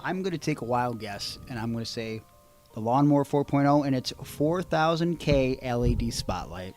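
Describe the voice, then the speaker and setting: A man co-hosts a casual podcast and delivers a sponsor read with a playful, jokey touch. His voice sits in an ordinary middle pitch. Faint music runs quietly behind him. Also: lively intonation, normal speed. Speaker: podcast co-host.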